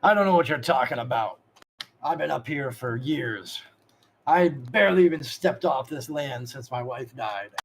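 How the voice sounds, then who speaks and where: A man voicing a gruff, evasive old farmer who runs a shop, in a drawling folksy manner. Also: medium pitch, normal speed, slight background noise, close to an everyday voice. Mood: defensive.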